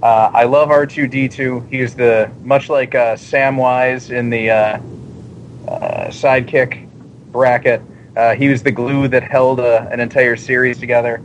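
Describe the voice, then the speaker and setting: A man speaks on a casual panel, measured and halting with many pauses. His voice sits mid-range. The sound is dull and lo-fi with a faint hiss behind. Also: mid-range voice, fairly even intonation.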